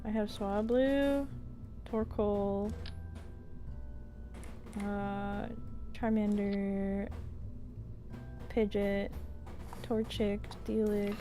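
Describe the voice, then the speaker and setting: A woman's voice: mid-range voice, steady tone, extremely slow, long pauses, dark tone, faint music behind. A woman joining a stream as a guest, chatting casually and giggling while she rambles enthusiastically about her game. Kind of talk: casual gaming stream chat.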